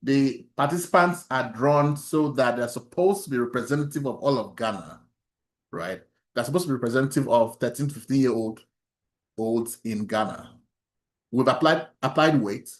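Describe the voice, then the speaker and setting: Teaching a statistics workshop online at normal speed, this man puts questions to his students and chuckles softly. His mid-range voice sounds roomy, and he often starts sentences over.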